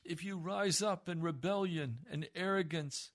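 Gravelly-voiced male preacher, hushed to pleading. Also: high voice, measured pace. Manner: impassioned, swings from hushed to pleading. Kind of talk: sermon.

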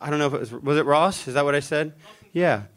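A middle-aged man, a panel guest at a live Q&A, retelling a story with animated, chuckling delivery. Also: on the high side, quick pace.

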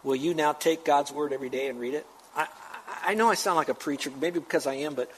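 A pastor preaching to his church in an emphatic, questioning way. His voice sits a little high for a man. He keeps pressing the listeners with rhetorical questions. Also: fast, a bit bright, husky, low-quality recording. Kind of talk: sermon.

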